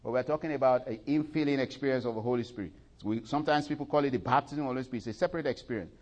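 Preacher swinging from hushed to booming. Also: male voice, very fast, highs cut off. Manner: swells loud and high when reciting scripture, drops low and soft in asides; leads congregation in call-and-response and prayer. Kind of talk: sermon.

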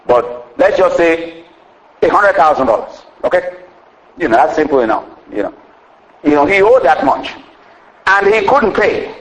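A man preaching a sermon in a folksy way, often saying "you know" and laughing as he explains, acting out the scripture's dialogue. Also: low-quality recording. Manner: acts out the scripture's dialogue with jumps in pitch.

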